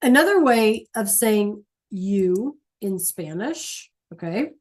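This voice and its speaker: Woman teacher explaining grammar, unhurried, keeps asking right? okay?. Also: mid-range voice, expressive. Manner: patient, checks in often with "right?" and "okay?"; repeats key points slowly. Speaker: Spanish teacher. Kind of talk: classroom lesson.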